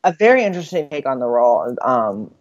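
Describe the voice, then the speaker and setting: A woman's voice: extremely low pitch, very animated, fast talker, a little mellow, dry recording. A woman co-hosting a podcast in casual chat, summarizing a story in a rambling way with fillers and laughs. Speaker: podcast co-host. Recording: dull, lo-fi dry recording.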